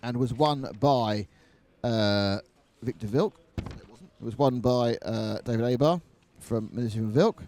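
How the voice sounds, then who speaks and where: A man's voice: mid-range voice, unhurried, darkish tone. A man commentating live on a model car race, mixing race calls with jokey banter.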